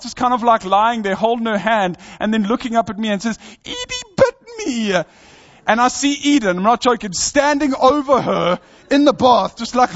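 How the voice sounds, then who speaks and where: A man in his thirties with a voice that sits high and a fairly bright tone is heard on a muffled recording. He's a pastor preaching in an earnest, conversational way and telling a personal family story.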